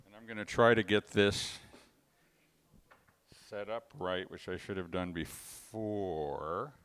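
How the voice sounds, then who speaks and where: A man's voice: sits low, slow, a bit bright. A man who runs a bookstore hosts a memorial reading, introducing it informally with many fillers and restarts. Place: bookstore event space with an audience. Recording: echoey, noisy room from a distance.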